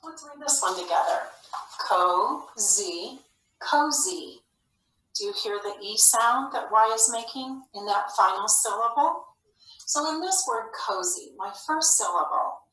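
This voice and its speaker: Bright-voiced woman teaching phonics. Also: fairly high pitch, animated. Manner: slow, clear, encouraging classroom delivery. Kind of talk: phonics lesson for young children. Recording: echoey room, slightly far from mic.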